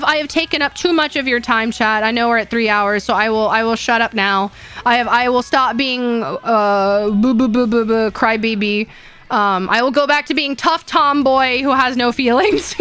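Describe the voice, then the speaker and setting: Bubbly high-voiced young woman streamer. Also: bright, forceful tone. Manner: bubbly, rambling, frequent laughs and word repeats. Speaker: VTuber streamer. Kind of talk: casual livestream chat.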